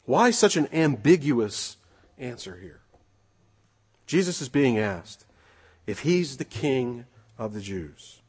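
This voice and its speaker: A man delivering a sermon in a husky, slightly breathy voice. He preaches earnestly, reads scripture aloud and presses his points with rhetorical questions. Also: mid-range voice, very animated, takes it slowly, pauses often.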